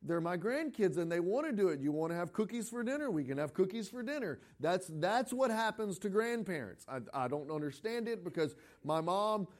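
A middle-aged man, a pastor, preaching a sermon in a conversational, animated way, often restarting his phrases as he tells a story. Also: high voice, brisk, few pauses. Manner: conversational preaching with frequent repeated starts; animated storytelling, breaking into quoted voices.

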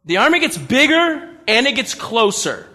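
A man preaching a sermon, animated and humorous, with incredulous asides. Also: very high voice, moderate pace. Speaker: pastor. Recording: long reverb of a large hall.

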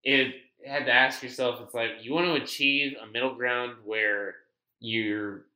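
A man's voice: mid-range voice, fairly even intonation, measured pace, sharp tone, roomy sound, rough recording. A man co-hosting a podcast, chatting casually and picking up his partner's lines in a laid-back way. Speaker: podcast co-host. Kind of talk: casual chat.

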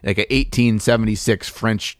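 A man's voice: fairly low pitch, steady tone, normal speed, dry recording, studio quality. A young man co-hosting a podcast about miniature painting, chatting casually in a laid-back, jokey way and often restarting his sentences. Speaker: podcast co-host.

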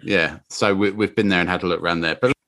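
A man co-hosting a podcast, chipping in supportively in a relaxed chat. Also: low-pitched, fast talker. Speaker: podcast co-host. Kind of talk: casual chat.

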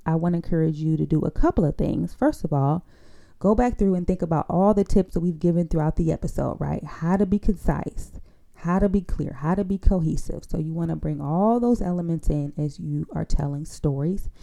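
A woman teaching public speaking in a podcast, her voice low and very dark in tone. There is a gravelly fry in it as she works through her points, repeating key lines and checking in with her listeners. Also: fairly quick. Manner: coaching, often adds a tag question for agreement; repeats key phrases for emphasis. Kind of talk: instructional podcast monologue.

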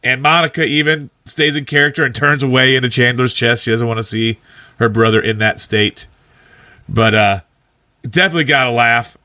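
A man's voice: mid-range voice, steady tone, normal speed, sharp tone, no room sound, clean studio sound. A man co-hosting a casual podcast, talking with enthusiasm about a favorite sitcom episode and laughing often. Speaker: podcast co-host.

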